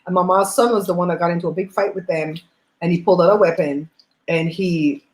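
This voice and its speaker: A woman hosting a livestream, chatting and telling stories in an animated way while eating at home on a laptop mic. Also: on the low side, a little fast, roomy sound, rough recording. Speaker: host.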